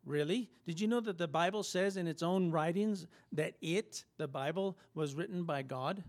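A man's voice: a little high, normal speed. A man preaching a sermon, emphatic and repetitive, firing off rhetorical questions to his listeners.

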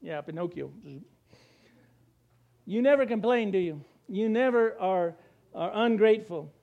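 A man's voice: sits high, animated, unhurried, creaky, highs cut off. A man preaching a conversational sermon, breaking into acted-out voices and chuckles. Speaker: pastor.

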